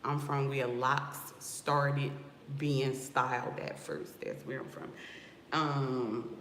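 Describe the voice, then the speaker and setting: A woman from Newark with a West Coast hip-hop inflected American accent, a loc stylist talking casually to her livestream viewers, sassy and animated. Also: low-pitched, a little hiss or hum. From Newark, New Jersey. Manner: sassy, animated, addresses viewers with "y'all" and "okay?". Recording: roomy echo with faint background ambience.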